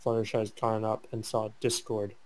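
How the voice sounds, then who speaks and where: Pitched on the low side and a little mellow, with little pitch movement, a man haltingly reads fanfic aloud for comedy. Stumbles, mock-serious delivery, and jokes with a co-host mark this dramatic reading.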